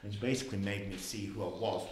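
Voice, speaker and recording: Lowish man telling a story, echoey room. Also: quick pace, slight background noise. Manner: animated, swearing, acts out voices. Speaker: guest. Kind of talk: casual storytelling. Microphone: podcast mic.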